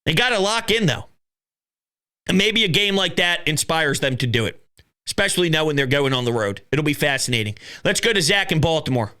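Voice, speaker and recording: A young man hosting a sports call-in show, animated and shouting as he acts out quotes. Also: on the high side, brisk, clear, resonant tone. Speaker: show host. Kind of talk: excitable sports call-in chat.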